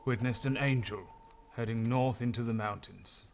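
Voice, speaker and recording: A man voicing a wry, doubtful male acolyte in a posh, measured manner. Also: medium pitch, gravelly, slight background noise, close to an everyday voice. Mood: confiding.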